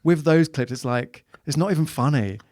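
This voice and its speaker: A man's voice: a little high, moderate pace, dry recording, studio quality. A man, a comedian guest on a chat podcast, telling rambling stories and acting out the people in them. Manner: rambling, animated storytelling with acted-out quotes.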